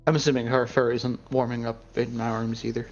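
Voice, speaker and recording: A man's voice: mid-range voice, flat delivery, fairly quick, lo-fi sound, faint music behind. A man playing a tabletop game, speaking casually and laughing easily. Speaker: player.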